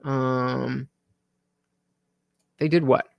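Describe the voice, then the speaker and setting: A man's voice: medium pitch, level tone, drawn-out words, gravelly, dry recording, highs cut off. A man in his thirties hosting a livestream, reacting with rambling commentary full of filler words. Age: 30s. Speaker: livestream host.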